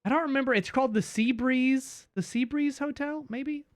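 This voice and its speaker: A man's voice: very high voice, normal speed. A young man streaming a game, chatting animatedly, swearing and laughing as he plays. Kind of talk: casual gameplay commentary.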